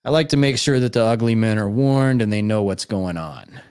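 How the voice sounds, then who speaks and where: A man's voice: on the low side, moderate pace, a little mellow, smooth. A man hosting a live stream, reacting to videos and talking to his chat in a blunt, sarcastic way. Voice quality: blunt, swears casually, sarcastic. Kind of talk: casual live-stream commentary.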